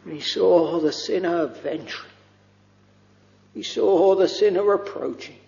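A man preaching a sermon with a slow, fervent, drawn-out delivery and frequent sighing "oh"s. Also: high voice, vocal fry, darkish tone, long reverb tail, highs cut off.

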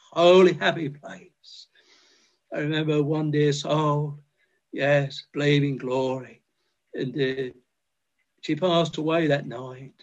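Older male preacher, slow fervent chapel sermon, slightly high voice, dull lo-fi recording. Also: gravelly. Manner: fervent, tender, quoting scripture and hymns. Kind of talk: old-fashioned chapel sermon.

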